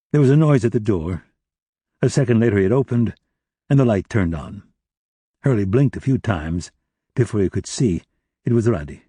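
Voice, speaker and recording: Husky male audiobook narrator. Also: lowish voice, warm tone, no room sound, studio quality. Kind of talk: scripted thriller narration.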